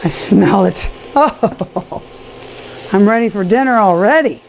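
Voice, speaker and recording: A woman's voice: mid-range voice, lively intonation, slow, gravelly, a little mellow, slight background noise. A woman hosting a home cooking show, chatting to viewers with enthusiasm as she cooks. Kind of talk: casual cooking demonstration.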